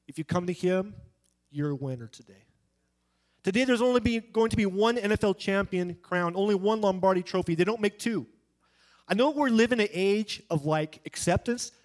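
A high-pitched man preaching an evangelistic sermon. He talks in an emphatic, conversational way and slips into little character voices when he tells a story. His delivery lifts and drops sharply for effect. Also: moderate pace. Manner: emphatic and conversational, acts out quoted voices in anecdotes.

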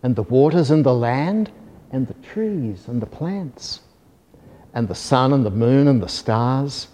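A man reads a children's storybook aloud in a soft, gentle and measured voice. His tone is mellow and dark, and a long hall reverb trails after each phrase. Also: medium pitch, lively intonation.

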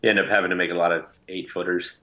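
A man's voice: low-pitched, level tone, very fast, muffled recording. A man co-hosting a casual sports podcast, agreeable and chatty. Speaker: podcast co-host.

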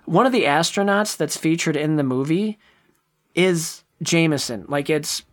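A man co-hosting a podcast in casual chat, animated and acting out scenes. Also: a little high, unhurried. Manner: animated, acts out scenes in voices. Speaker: podcast co-host.

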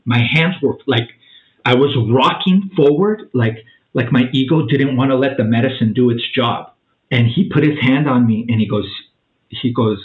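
A man's voice: mid-range voice, moderate pace. Forties male guest: chatty, acts out every quote, drops "dude" often; tinny phone-quality audio. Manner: animated storyteller, acts out quotes, says "man" and "dude" a lot. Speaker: podcast guest. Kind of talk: casual storytelling.

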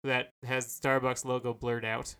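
Man, casual podcast chat, rambling, hesitant, crisp clear tone, bright. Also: mid-range voice, level tone, moderate pace. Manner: rambling, hesitant, many fillers. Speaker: podcast co-host.

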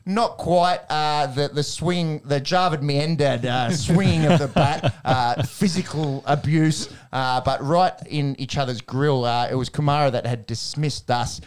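A man's voice: on the high side, measured pace, few pauses, clear, resonant tone. A man hosting a casual sports chat show, blokey and joking, with frequent laughs and the odd swear word. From Australia. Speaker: podcast host.

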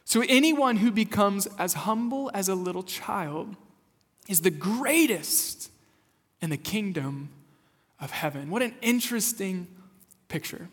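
A young-adult man from rural Kansas, a lead pastor giving a conversational, animated sermon and asking the congregation questions. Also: high voice, a little slow. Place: church sanctuary. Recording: long hall reverb.

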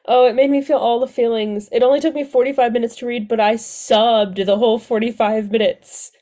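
A woman's voice: a little high, fairly even intonation, brisk, mellow. A woman co-hosting a podcast, chatting casually and gushing enthusiastically about books she loved, often laughing. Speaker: podcast co-host.

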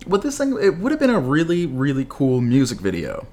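A man's voice: a little high, huge pitch swings, brisk, over a noisy crowd. A man co-hosting a casual movie review chat, retelling scenes with sarcasm and mock voices. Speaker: podcast co-host.

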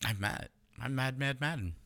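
A man's voice: medium pitch, normal speed, fairly bright tone. A man co-hosting a casual chat podcast, teasing his friend, laughing often and swearing freely. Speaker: podcast co-host.

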